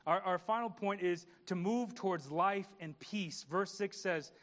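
A man's voice: high-pitched, unhurried, few pauses, a bit bright. A man pastor preaching a conversational sermon, repeating words and asking the congregation questions.

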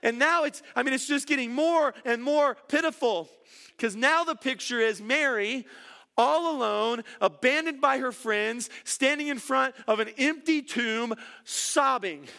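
A man's voice: very high voice, unhurried, vocal fry, sharp tone. A middle-aged man preaching a sermon, earnest and repeating words for emphasis. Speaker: pastor.

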